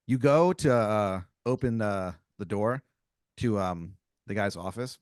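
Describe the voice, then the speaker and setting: A man's voice: lowish voice, unhurried, darkish tone, smooth, dry recording, clean studio sound. A man improvising a story as game master on a comedy podcast, rambling with lots of fillers.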